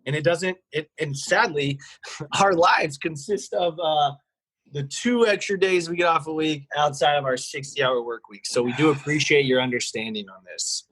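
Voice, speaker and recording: Man, 30s, podcast co-host, husky slightly higher voice, dry close sound, lively storyteller. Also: moderate pace, no room sound, rough recording. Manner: animated storyteller, acts out voices of staff and callers. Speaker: podcast co-host, restaurant manager. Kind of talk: casual chat.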